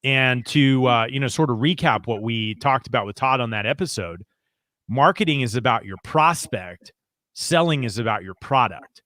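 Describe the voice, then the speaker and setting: An enthusiastic male podcast co-host chatting casually and leaning hard on his key points. His voice sits at a middle pitch, recorded close on a dry, roomless mic. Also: moderate pace, fairly bright tone, dry recording. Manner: enthusiastic, emphatic, many restarts.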